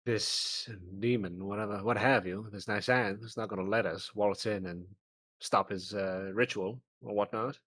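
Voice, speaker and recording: A man's voice: fairly low pitch, fairly even intonation, normal speed, fairly bright tone. A man playing a tabletop horror game, talking in character with formal, old-fashioned phrasing. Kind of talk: in-character roleplay.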